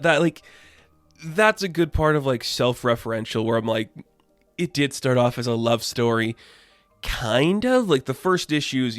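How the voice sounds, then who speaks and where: A man's voice: medium pitch, no echo. A young man rambles through a comic recap in a loose, sarcastic way, full of "like" and "you know". His voice sits in a middle register and is recorded close and dry. Faint music plays underneath. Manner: rambling, sarcastic, loose paraphrasing with frequent fillers. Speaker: comic book reviewer. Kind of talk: casual comic review.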